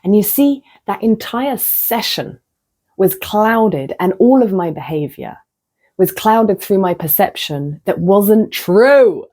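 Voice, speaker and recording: A woman's voice: medium pitch, expressive, slow. A woman talking to camera in a casual, reflective monologue, telling stories frankly, poking fun at herself and sometimes dropping to a near-whisper. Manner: candid, self-mocking storytelling with soft drops into near-whispers. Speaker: vlogger.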